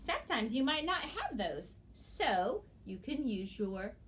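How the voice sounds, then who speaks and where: Slow, lively-voiced woman teaching phonics. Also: fairly high pitch, slight background noise. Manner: slow, exaggerated sounding-out of words; encouraging praise. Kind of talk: early literacy lesson for young children.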